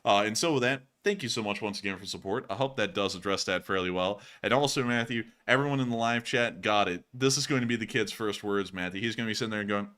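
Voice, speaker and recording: A man's voice: fairly low pitch, fast talker, few pauses, fairly bright tone. A man hosting a live stream in casual chat, thanking donors and explaining things at length. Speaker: host.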